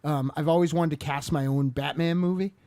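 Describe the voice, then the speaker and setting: A man's voice: a little high, steady tone, fairly quick, warm tone, dry recording. A man on a podcast chatting casually about movies, rambling and hesitant with lots of filler words. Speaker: podcast co-host. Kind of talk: casual film review chat.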